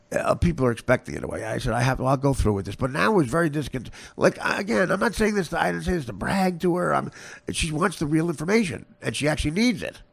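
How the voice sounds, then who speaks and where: A man hosting a comedy podcast, rambling through a story and cutting himself off mid-sentence. His voice is gravelly and a bit high. It swings animatedly up and down. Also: fast talker. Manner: animated, rambling, self-interrupting. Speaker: podcast host.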